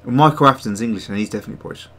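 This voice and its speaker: A man hosts a casual livestream with a middle-pitched voice. He rambles and pokes fun at himself, reading out viewers' messages as they come in. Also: rapid-fire, a bit bright. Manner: rambling, self-mocking, reads chat aloud. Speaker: host of a digital sculpting stream.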